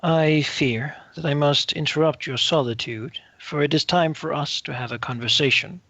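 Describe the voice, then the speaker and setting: A man's voice: fairly high pitch, normal speed, vocal fry, bright, forceful tone, no echo, muffled recording, exaggerated voice. A man voicing a stern, formal noble lord in a tabletop game. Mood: grave.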